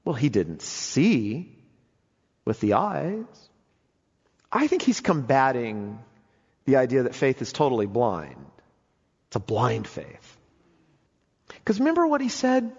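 A man preaching a sermon with emphatic delivery, swinging between soaring and hushed moments. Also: high voice. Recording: dull lo-fi audio with long hall reverb.

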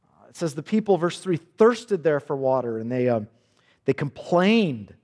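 A man's voice: a little high, very animated, unhurried, a little mellow. A man preaching a sermon, earnest and intense, repeating words as he builds each point. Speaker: pastor. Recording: long hall reverb.

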